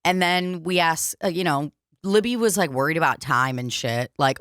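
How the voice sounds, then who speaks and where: A woman's voice: on the low side, animated, normal speed, a bit bright, dry recording, clean studio sound. A woman co-hosting a comedy podcast, telling stories in casual chat, swearing freely and acting out what people said. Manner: swears freely, acts out quotes. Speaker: podcast co-host.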